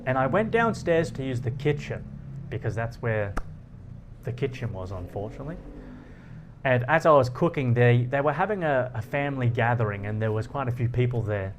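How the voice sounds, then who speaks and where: A man hosting a philosophy talk, explaining ideas through personal stories, animated and often laughing. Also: medium pitch, a little fast, background noise. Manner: animated, laughs often, acts out quoted lines. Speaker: philosophy channel host. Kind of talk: explanatory monologue with personal anecdotes.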